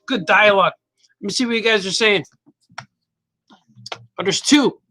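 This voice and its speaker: A man's voice: high-pitched, unhurried, bright, forceful tone, a little hiss or hum, low-quality recording. A man casually chatting while he draws on a livestream, playful and reading viewer comments aloud. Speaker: cartoonist livestreaming his drawing. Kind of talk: casual chat while drawing.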